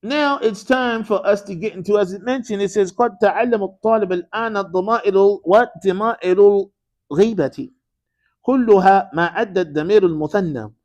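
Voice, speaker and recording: Man, energetic grammar teacher in a mosque classroom, slightly high voice, quizzing call-and-response style, casual slang. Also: racing. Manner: energetic, quizzes students with frequent "what?" prompts. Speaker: Arabic teacher.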